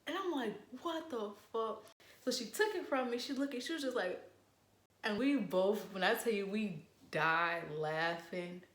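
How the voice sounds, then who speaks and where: A young woman in casual storytime chat, animated and profane, acting out what people said. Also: medium pitch, normal speed, roomy sound. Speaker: vlogger.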